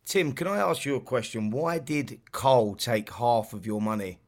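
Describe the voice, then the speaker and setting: A man's voice: medium pitch, moderate pace. Male co-host asking direct questions. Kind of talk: interviewer.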